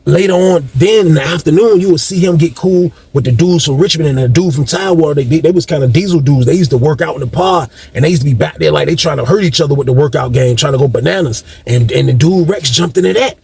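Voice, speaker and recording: A man's voice: fairly high pitch, quick pace, vocal fry, few pauses, darkish tone, breathy edge. A man casually telling a long story in a rambling, slangy way, addressing his listeners directly.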